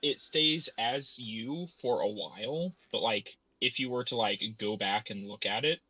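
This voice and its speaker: A man's voice: mid-range voice, unhurried, bright, forceful tone, breathy edge, no echo, highs cut off. A man running a tabletop game as game master, talking hesitantly and thinking aloud. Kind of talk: casual chat.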